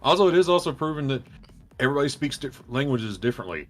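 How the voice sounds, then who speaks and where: A young man on a casual podcast, telling animated stories and swearing freely. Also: medium pitch, quick pace, soft background music. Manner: animated storyteller who acts out quotes, swears freely. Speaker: podcast co-host.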